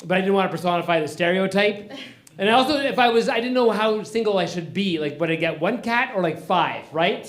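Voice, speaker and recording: A man's voice: high voice, expressive, brisk, fairly bright tone. Hesitant man trying stand-up, roomy club. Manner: rambling, hesitant, many restarts. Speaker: first-time audience comic. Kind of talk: improvised stand-up. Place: comedy club stage.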